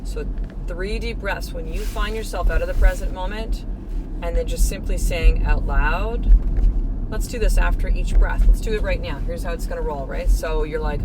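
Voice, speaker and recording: A woman's voice: lowish voice, normal speed, heavy background noise. A woman podcast host and life coach in a casual motivational talk, earnestly guiding the listener through breathing and affirmations.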